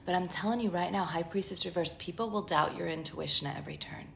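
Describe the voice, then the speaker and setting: A woman in her thirties giving an earnest spiritual pep talk as a tarot reader, with emphatic lists that often sink into a hushed, breathy near-whisper. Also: fairly low pitch, fast talker, a little hiss or hum. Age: 30s.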